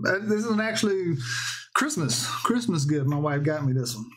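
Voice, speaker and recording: A man's voice: a little high, lively intonation, moderate pace, fairly bright tone. A man in his thirties streaming from home, chatting loosely with viewers, greeting them by name and swearing casually. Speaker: live streamer. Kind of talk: casual livestream chat.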